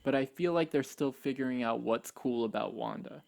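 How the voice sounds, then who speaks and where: A man's voice: mid-range voice, normal speed, creaky, a little mellow. A man co-hosting a podcast, chatting casually in a sarcastic, joking way. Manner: jokey, sarcastic. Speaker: podcast co-host. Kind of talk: casual chat.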